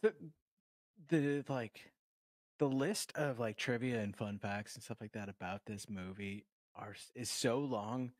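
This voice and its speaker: A man's voice: on the low side, unhurried, dry recording. Man rambling through a movie review. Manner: rambling, full of fillers and restarts, swears. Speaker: podcast co-host. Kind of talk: casual movie review chat.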